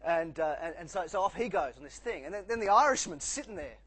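Husky-voiced preacher. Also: male voice, sits high, expressive, fast, few pauses, fairly bright tone. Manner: conversational with many restarts and jokes. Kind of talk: sermon.

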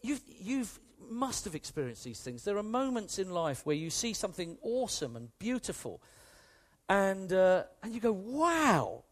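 Guy preaching a sermon, high animated voice, keeps asking the crowd questions and repeating himself. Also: moderate pace. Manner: emphatic, repeats key phrases, asks the listeners questions.

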